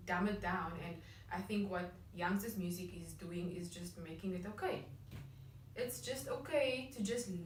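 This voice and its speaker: A woman's voice: medium pitch, a little hiss or hum. A woman from Cape Town in her thirties with a Cape Town accent, co-hosting a music vlog in a chatty, reflective way with many restarts. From Cape Town, South Africa. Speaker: vlog co-host. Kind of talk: casual discussion. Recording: echoey room, mic at a distance.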